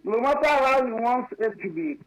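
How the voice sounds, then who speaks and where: A man with a strikingly high voice debates politics on a radio talk show. He is emphatic and insistent, restating the same point again and again until it lands. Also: animated, normal speed, a bit bright, low-quality recording. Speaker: political commentator.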